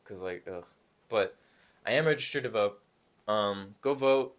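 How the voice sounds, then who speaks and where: A man's voice: lowish voice, measured pace. A young man co-hosting a podcast in casual chat, telling stories on tangents with lots of swearing. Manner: rambling, tangent-prone storytelling with profanity. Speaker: podcast co-host.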